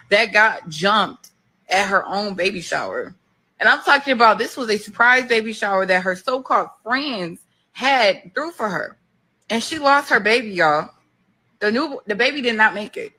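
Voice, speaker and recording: A woman's voice: mid-range voice, sharp tone. A woman in her thirties hosting a casual livestream, talking emphatically, repeating her phrases and speaking straight to her viewers. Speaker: talk show host and school counselor.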